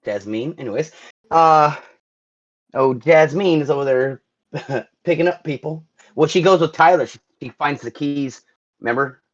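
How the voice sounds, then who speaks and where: A man's voice: fairly high pitch, a little slow. A man co-hosting a podcast in casual chat, swearing and losing his place in his notes. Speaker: podcast co-host. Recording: dull lo-fi sound.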